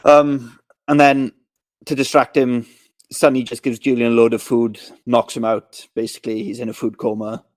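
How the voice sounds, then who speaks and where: A man co-hosting a podcast, casually recapping a film and acting out its scenes in quick voices. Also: mid-range voice, flat delivery. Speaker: podcast co-host. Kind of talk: casual movie recap chat.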